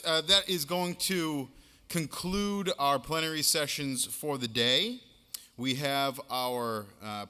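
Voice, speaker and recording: A man with a Boston accent hosting a conference, giving brisk, upbeat announcements to the room. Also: mid-range voice, sharp tone, clear, resonant tone. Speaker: event host. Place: conference hall. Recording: reverberant conference hall.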